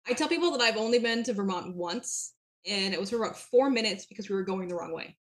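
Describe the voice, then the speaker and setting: A woman's voice: medium pitch, animated, fast. A young woman from southern New Hampshire, chatting as an interview guest, with frequent fillers and laughs. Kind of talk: casual interview chat.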